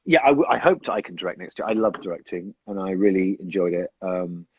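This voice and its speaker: A man's voice: deep voice, animated, quick pace, slightly rough, no echo. A man, an actor, chatting casually on a phone livestream, rambling and hesitant as he answers fan questions. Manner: rambling, hesitant, self-interrupting. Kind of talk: casual live-stream chat. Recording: dull lo-fi phone audio.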